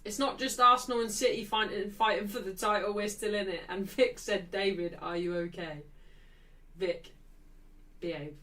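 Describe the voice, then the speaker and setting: A woman's voice: medium pitch, moderate pace, pushed and bright, recorded from a distance, rough recording. A woman hosting a football watchalong stream, ranting and swearing as she talks to her chat. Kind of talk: casual live-stream chat.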